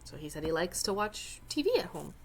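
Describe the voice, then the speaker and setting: A woman's voice: lowish voice, sing-song, a little fast, a little hiss or hum. A woman teacher explaining a Spanish reading step by step, with chatty joking asides. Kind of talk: recorded lesson walkthrough.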